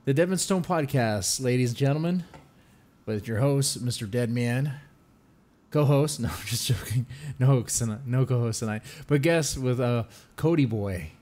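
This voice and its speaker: A man hosting a casual podcast, talking loosely with quick jokes and frequent laughs. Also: medium pitch, darkish tone. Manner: loose, jokey, laughs often, quick asides. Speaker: podcast host.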